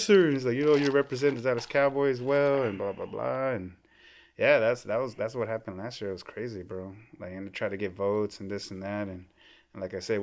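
A man in his thirties, a team superfan, telling a story casually in a podcast studio, acting out what people said and calling the host "bro.". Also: fairly low pitch. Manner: animated, acts out quoted dialogue, says "bro" often.

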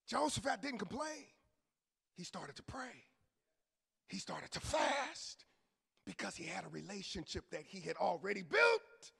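A male pastor preaching a sermon, moving from low murmurs to shouted peaks, with casual asides and call-and-response to the congregation. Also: wildly swooping pitch, a little slow, vocal fry, long pauses, slightly rough. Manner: colloquial preaching with church asides. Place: church sanctuary. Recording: long reverb of a church hall.

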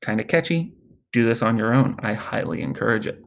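A male Latin teacher giving a recorded lesson, explaining grammar in a relaxed, chatty way and chanting word forms as drills. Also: lowish voice, fast talker, gravelly, slight background noise.

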